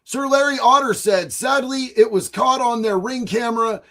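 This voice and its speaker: Loud excitable high-voiced man. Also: moderate pace. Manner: loud, excitable, often shouting. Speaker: live stream host reading chat. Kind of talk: casual live stream chat.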